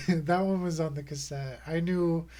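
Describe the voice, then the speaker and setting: Guy reading kids poems on his stream, kinda high voice, playful and chuckly between poems. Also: fairly even intonation, measured pace, darkish tone. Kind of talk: reading poems aloud with casual commentary.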